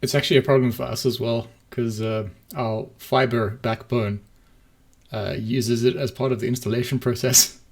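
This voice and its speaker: A man's voice: mid-range voice, level tone, moderate pace, gravelly. A man co-hosting a casual podcast, chatty, laughing often and trailing off into asides. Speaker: podcast co-host. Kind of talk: casual chat.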